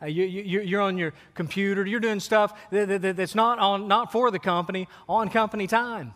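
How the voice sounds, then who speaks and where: A man's voice: high-pitched, steady tone, a little fast, fairly bright tone. A man, preaching a sermon in a folksy, storytelling way with asides to the congregation. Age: 40s. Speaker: pastor. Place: church sanctuary. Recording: sermon in a hall with long reverb.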